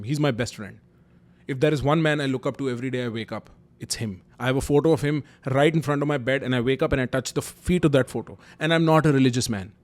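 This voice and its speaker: A man's voice: medium pitch, darkish tone. A young man with an Indian English accent telling candid, emphatic personal stories to camera. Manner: candid, emphatic, mixes Hindi kinship words and slang. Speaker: YouTube host.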